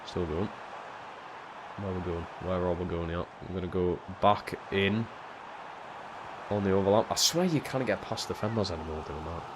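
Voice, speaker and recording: Young male streamer, lowish voice, muttered play-by-play with sweary outbursts, faint hiss behind. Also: normal speed, pauses often. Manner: swears freely and swings from low muttering to shouting at big moments. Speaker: streamer playing a football video game. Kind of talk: live gameplay commentary.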